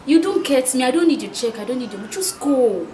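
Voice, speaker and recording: An actress with a Nigerian accent playing a timid young woman, nervous and soft as she refuses. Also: fairly high pitch, fast talker, lightly acted. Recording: clear background hiss.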